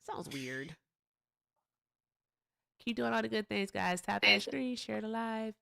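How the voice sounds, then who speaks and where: A woman's voice: on the high side, steady tone, normal speed, vocal fry, pushed and bright. A woman hosting a casual livestream, playful and teasing, laughing often as she quizzes callers. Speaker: livestream host.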